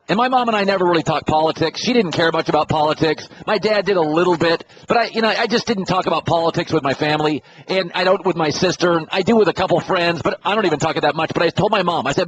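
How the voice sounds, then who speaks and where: Blunt talk-radio host, high-ish voice, slightly muffled recording with faint hiss. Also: male voice, fast talker, few pauses. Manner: blunt, opinionated, lecturing. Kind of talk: casual monologue.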